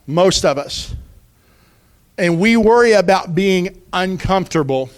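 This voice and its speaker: High-voiced preaching man. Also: lively intonation, unhurried, smooth. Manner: earnest, urgent preaching with conversational asides. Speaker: pastor. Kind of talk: sermon.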